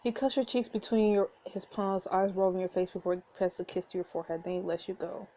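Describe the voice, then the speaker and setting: A woman's voice: medium pitch, fast, mellow. A woman hosting a let's play, reading a story game aloud and reacting with giggly asides.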